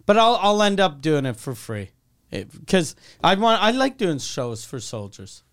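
A comedian in casual podcast chat, making wry, deadpan jokes. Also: male voice, on the high side, measured pace.

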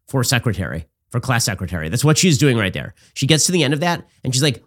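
A man hosting a political commentary show, talking in a sarcastic, rapid-fire, mocking way. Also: medium pitch, big pitch swings.

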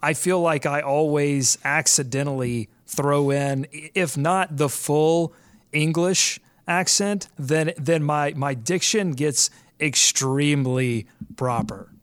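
A man's voice: on the high side, slow, clear, resonant tone, no echo. A man with a Southern US accent co-hosting a sports podcast, playful and wry in casual chat. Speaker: podcast co-host.

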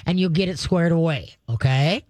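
A woman's voice: sits low, normal speed, a little mellow, dry recording. Brief: woman radio host, dog trainer, folksy and emphatic, dry studio sound. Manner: folksy, emphatic, laughs often. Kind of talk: call-in radio advice.

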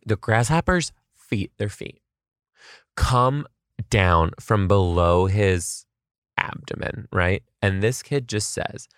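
A man who teaches kindergarten, telling comedic stories about his class with animated, self-mocking asides. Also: on the low side, takes it slowly, no room sound, studio quality. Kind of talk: comedic storytelling vlog.

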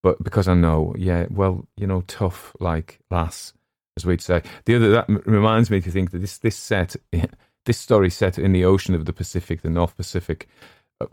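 A man from West Cumbria, England, with a West Cumbrian accent, speaks in a low, steady, darkish voice at normal speed. He is a podcast host and audiobook narrator, chatting in a casual, rambling, digressive, self-deprecating way. The sound is clean studio audio with no room sound.

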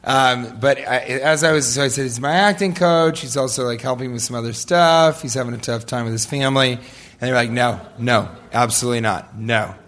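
A man's voice: medium pitch, brisk, fairly bright tone. A man answering audience questions in a loose, joking way, often laughing as he tells stories. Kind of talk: live audience Q&A storytelling.

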